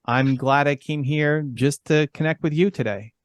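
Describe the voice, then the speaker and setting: Motivational guest speaker, man, slightly high voice, earnest, dry close sound. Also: moderate pace, no echo. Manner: earnest, encouraging, repeats for emphasis. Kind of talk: motivational talk.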